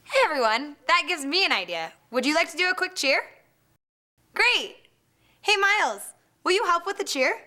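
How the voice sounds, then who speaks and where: Bright high-voiced cheerleader woman. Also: very animated, moderate pace. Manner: friendly, encouraging. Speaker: cheerleader speaking to students.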